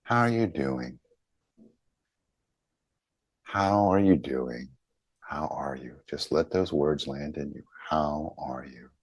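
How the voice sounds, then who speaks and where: Male session leader, gentle and halting, low and unhurried, video-call audio. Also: breathy edge, no echo. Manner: slow, gentle, halting, with many pauses and fillers. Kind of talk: guided group healing session over video call.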